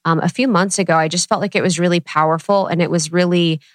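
A woman's voice: lowish voice, steady tone, fast, dry recording. A woman hosting a podcast, conversational and thoughtful as she asks questions and shares reflections. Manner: conversational, thoughtful, frequent affirming murmurs. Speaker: podcast host. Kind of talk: casual podcast interview.

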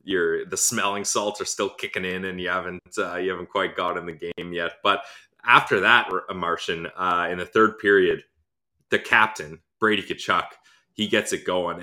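Bright-voiced hockey podcast co-host. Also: male voice, sits low, moderate pace. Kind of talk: casual sports chat with ad reads.

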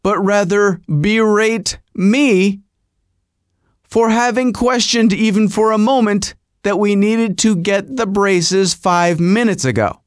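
A man's voice: high voice, takes it slowly, smooth, no echo, studio quality. A middle-aged man hosting a podcast, telling a rambling comic story and putting on voices. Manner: rambling, animated, puts on voices. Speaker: podcast host.

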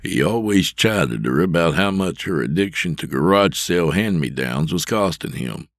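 A man narrating a scripted fiction podcast in a steady, measured storytelling manner, close to the mic. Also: low-pitched, no echo.

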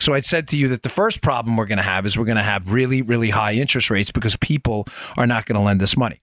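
Talking at a quick pace with few pauses, this animated host has a fairly bright tone on a dry, clean studio recording. On his political podcast he speaks emphatically to listeners he calls folks, throwing in sarcastic asides and pitching higher when riled.

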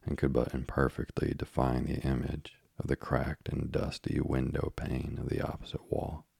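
Guy reading an old story out loud, super low creaky voice, flat delivery, dry sound. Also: normal speed, dry recording. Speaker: narrator. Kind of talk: audiobook reading of a classic tale.

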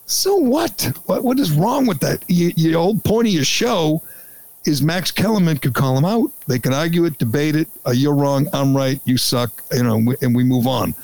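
A man's voice: on the high side, expressive, fairly quick, darkish tone, no room sound, rough recording. A man hosting a podcast, giving sarcastic, incredulous opinion commentary in a ranting manner. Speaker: podcast host.

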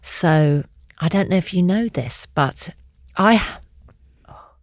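A woman's voice: lowish voice, expressive, slow pace, no echo, studio quality. A middle-aged woman and mother, telling stories with enthusiasm in casual chat. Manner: enthusiastic storyteller.

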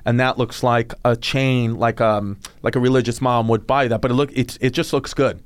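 A man's voice: mid-range voice, steady tone, normal speed, clear, resonant tone, no echo. A man hosting a casual interview, with a teasing, playful manner. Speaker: host.

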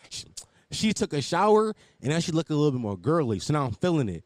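Animated man telling a profane story. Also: fairly high pitch, fast, no echo, studio quality. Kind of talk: casual storytelling.

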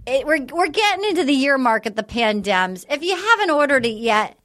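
A woman hosting a podcast, chatting excitedly and laughing often. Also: high voice, a little fast. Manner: giggly, excitable, plugs her book. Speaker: podcast host. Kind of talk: casual chat.

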